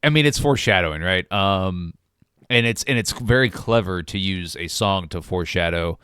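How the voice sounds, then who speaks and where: A man co-hosting a podcast, talking about a film in a halting way, full of restarts and ums. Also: deep voice, fairly bright tone, clear, resonant tone, no echo, studio quality. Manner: hesitant, many restarts and ums. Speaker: podcast co-host. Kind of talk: casual movie review chat.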